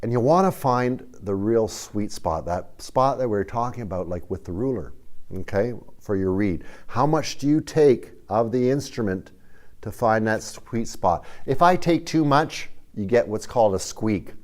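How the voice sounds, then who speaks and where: A middle-aged man teaching a beginner music lesson to kids, folksy and animated, speaking straight to them. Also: lowish voice, moderate pace, a little hiss or hum. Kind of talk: instructional video lesson for kids.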